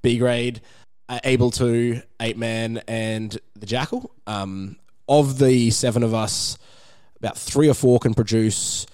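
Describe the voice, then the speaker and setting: A man's voice: mid-range voice, slow, clean tone. A man, a rapper chatting casually as a guest, swearing freely and telling stories with energy. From Australia. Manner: laid-back, swears freely, energetic storytelling. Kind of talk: casual chat.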